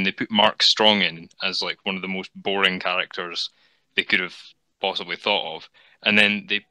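A man's voice: deep voice, pushed and bright, no echo, rough recording. A man from Scotland with a Scottish accent, arguing his case as a debate guest, dry and articulate. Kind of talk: casual debate.

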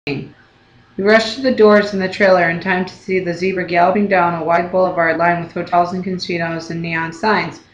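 A reader narrating a novel in the first person with steady storytelling. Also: medium pitch, moderate pace, a little hiss or hum. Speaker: audiobook reader. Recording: roomy echo.

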